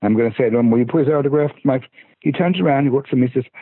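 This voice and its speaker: Raspy older man on a tinny line. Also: mid-range voice, very fast, no echo. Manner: rambling, stammering with many restarts. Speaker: podcast guest. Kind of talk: casual storytelling. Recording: husky voice over tinny phone-like line.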